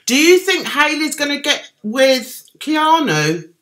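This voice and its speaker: A woman's voice: high-pitched, very animated, takes it slowly, a bit bright. A middle-aged woman with a Cockney accent, casually chatting on a livestream and answering viewers' comments. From London, England. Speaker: livestream host reading chat. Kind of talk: casual chat.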